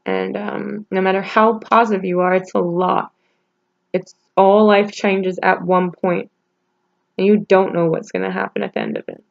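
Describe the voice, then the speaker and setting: A woman speaks in a personal vlog with a low, gravelly fry in her voice. She talks haltingly, stopping and restarting as she holds back tears. The sound is dull and lo-fi. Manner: halting, emotional, many restarts and pauses. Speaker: vlogger.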